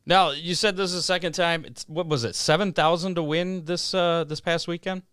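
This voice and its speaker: A man's voice: on the high side, smooth, no echo. Host of a racing talk show, man, resonant voice, dry sound. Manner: relaxed, halting with fillers. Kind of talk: casual interview hosting.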